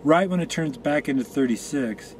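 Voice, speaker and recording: A Colorado man, guest on a laid-back chat show, tells long, wandering, profanity-laced stories full of detours. His voice is fairly high, expressive and a little mellow, at a normal pace. Slight background noise fills a room where marijuana is being smoked.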